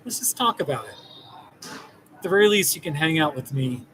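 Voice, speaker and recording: A man who works as a therapist, talking casually and gently to the camera, rambling and reassuring. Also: a little high, lively intonation, moderate pace, slight background noise, rough recording. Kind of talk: casual direct-to-camera talk.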